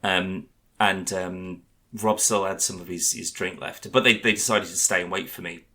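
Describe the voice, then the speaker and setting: A man co-hosting a podcast in casual chat, an animated storyteller who acts out the people he quotes and swears freely. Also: sits low, moderate pace. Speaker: podcast co-host.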